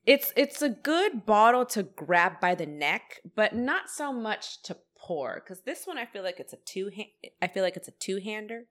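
Woman co-host, playful teasing banter, bright tone, quick reactions. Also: medium pitch, sing-song. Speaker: podcast co-host. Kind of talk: casual chat, whiskey tasting.

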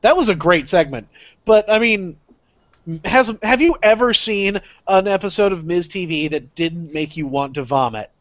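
A man co-hosting a casual wrestling chat, animated and full of "like" fillers. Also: high voice, normal speed, no room sound. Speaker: podcast co-host. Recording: dry, dull lo-fi audio.

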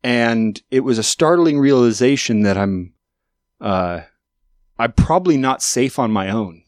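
A man in his late thirties hosts a casual podcast from a studio and rambles through a self-mocking story. His voice is mid-pitched and jumps up for emphasis now and then, and the recording is close and dry with no room sound. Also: expressive, measured pace, dry recording. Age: 30s. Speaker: podcast host. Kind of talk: casual chat.

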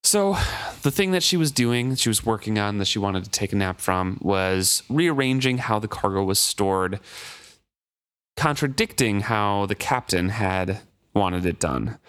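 A man co-hosting a casual book discussion, reading passages aloud and analyzing them in a measured way. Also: on the low side, expressive, a bit bright, smooth.

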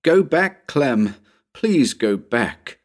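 A man's voice: on the low side, big pitch swings, unhurried, heavily acted. A man voicing Anne, a ghostly young woman who pleads tearfully with her lover from within a haunted building in a read-aloud story. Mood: pleading.

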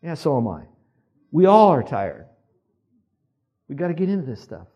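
A man's voice: fairly high pitch, sing-song, moderate pace, dark tone, slightly rough. A man preaching a sermon in a conversational way, asking his listeners to repeat words back and checking that they follow. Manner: conversational preaching with audience call-and-response. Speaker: pastor.

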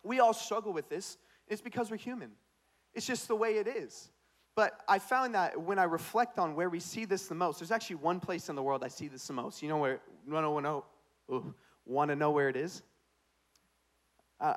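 A young male pastor delivers a sermon like a comedian telling a story on himself, with a slightly high voice. He drops into swaggering put-on voices for quoted lines, then swings from hushed asides to loud, bright punchlines. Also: a little fast.

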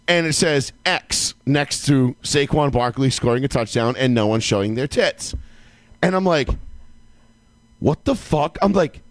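On a casual sports talk show, a male co-host spins a long, loose, profane story, yelling whenever he reenacts his own outbursts. His voice runs high, and there's no echo.

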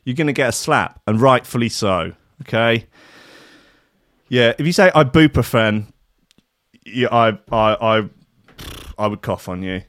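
A man's voice: mid-range voice, animated, a little slow, pauses often, a bit bright, dry recording. A man, working as a radio DJ, chatting casually and ranting sarcastically between records with plenty of swearing.

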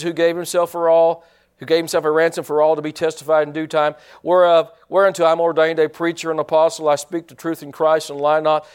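A man's voice: a little high, clear, resonant tone. Folksy preacher man. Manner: folksy, joking, with many restarts. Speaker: pastor. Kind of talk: sermon.

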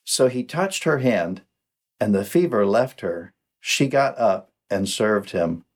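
A man hosting a podcast, giving a slow, measured scripture reading. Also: on the low side, expressive. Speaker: podcast host.

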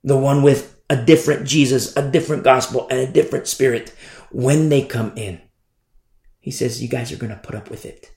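A man's voice: mid-range voice, steady tone, brisk, a little mellow, echoey room. A man preaching a sermon in an emphatic way, repeating phrases and often asking "you see?".

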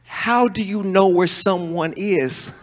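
A male preacher, preaching a sermon and swinging between soaring calls and low, joking asides. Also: takes it slowly. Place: church hall. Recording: long hall reverb.

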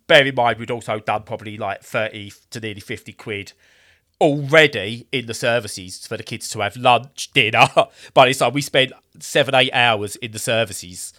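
A man's voice: medium pitch, normal speed, sharp tone. A man in his thirties telling a rambling story in a casual way, acting out the voices he quotes.

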